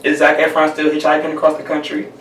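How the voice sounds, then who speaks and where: Playful male host with a high voice, recorded in a roomy space away from the mic. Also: completely flat delivery, fast talker, fairly bright tone, recorded from a distance, a little hiss or hum. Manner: playful, laughs often. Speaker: podcast host. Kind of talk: casual chat.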